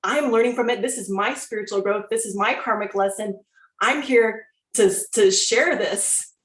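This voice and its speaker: A woman in her forties tells her own story with lively, animated energy, acting out what she felt and said back then. Her voice sits at an ordinary middle pitch and carries a noticeable echo from the room. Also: normal speed. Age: 40s. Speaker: wellness coach sharing her story. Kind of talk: personal testimony talk. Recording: echoey room.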